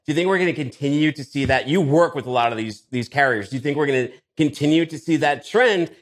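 Interview host, man, slightly higher voice, relaxed and folksy. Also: fast. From Boston area. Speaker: podcast host. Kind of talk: casual interview questions.

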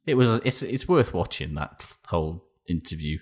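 A man with a deep, low voice talks rugby news on a podcast. His delivery is dry and sweary, and he often breaks into laughter. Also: sing-song, moderate pace. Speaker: podcast co-host. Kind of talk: casual rugby chat.

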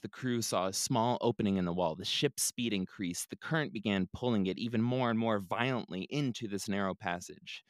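A man's voice: fairly low pitch, no echo. A man hosting a podcast, retelling a story in a casual, laid-back way with joking asides. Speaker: podcast host.

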